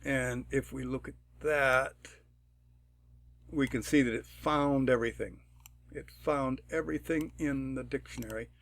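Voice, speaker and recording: Slow, gravelly man explaining software. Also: medium pitch, steady tone. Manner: unhurried, thinking aloud with fillers and throat clearing. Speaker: tutorial presenter. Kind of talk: screen-recorded programming tutorial.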